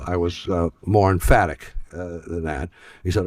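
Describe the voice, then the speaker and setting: An older man spins a long anecdote with dry humor. He stumbles and repeats words as he goes, and his fairly low voice sits close and dry on the mic. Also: measured pace, a little mellow, no room sound. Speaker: guest in archive clip. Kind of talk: storytelling anecdote.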